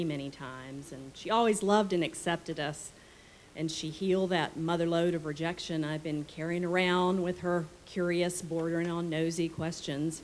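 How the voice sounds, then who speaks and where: A woman's voice: on the low side, poor audio. A woman from the American South telling a personal story live on stage in a wry, conversational way. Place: small performance venue on stage. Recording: live stage with faint room noise.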